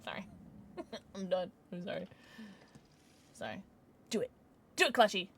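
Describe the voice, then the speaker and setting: A woman streamer chatting casually while playing chess, excitable and giggly, with squeals and hushed mutters. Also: medium pitch, unhurried, gravelly, slight background noise.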